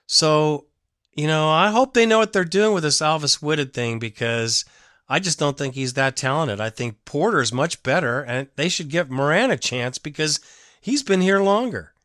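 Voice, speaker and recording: Man, fan sports podcast host, emotional and blunt, bright tense voice, dry close sound. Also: on the high side, animated, moderate pace, no echo. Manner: emotional, blunt, rambling opinionated fan talk.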